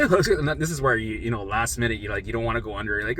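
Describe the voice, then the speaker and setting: A man telling his own story in a casual, animated monologue, acting out what others said, swearing freely and often checking in with "right?". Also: mid-range voice, fast talker, slight background noise, rough recording. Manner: animated, acts out quoted voices, swears freely; frequent "right?" check-ins to listener. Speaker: vlogger sharing recovery story.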